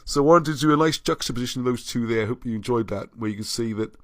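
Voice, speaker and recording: Hosting a livestream, a man reads viewer comments aloud, rambling and frequently restarting his sentences. His mid-range voice moves quickly, and the recording is dry.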